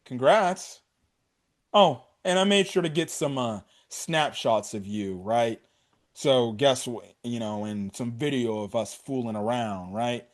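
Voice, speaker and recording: A man voicing a sleazy male film director who speaks in a smug, low drawl with a veiled threat. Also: takes it slowly, close to an everyday voice. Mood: smug, threatening.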